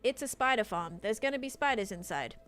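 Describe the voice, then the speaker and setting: A woman's voice: a little high, lively intonation, fairly quick, fairly bright tone, faint music behind. A young woman from Australia with an Australian American accent, casually chatting on a gaming stream while answering chat and describing what she builds. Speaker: live streamer. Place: home room with her PC.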